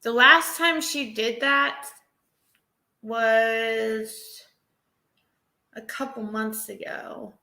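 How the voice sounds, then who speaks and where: A woman rambles through a casual live-stream chat, emotional and quick to laugh. Her voice is bright and sharp, and she takes her time. The room gives it a roomy echo. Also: a little high. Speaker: livestreamer.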